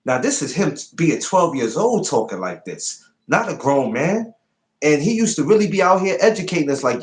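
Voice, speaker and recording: A man's voice: fairly high pitch, moderate pace. Man hosting a casual podcast chat. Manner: animated storyteller, asks probing questions. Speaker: podcast host.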